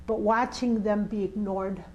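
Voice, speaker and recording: A woman's voice: mid-range voice, fairly even intonation, a little slow, a little mellow, lo-fi sound, a little hiss or hum. An older woman, a community organizer, telling a personal story in an interview with vivid, emphatic delivery. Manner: vivid, emphatic storyteller who acts out scenes.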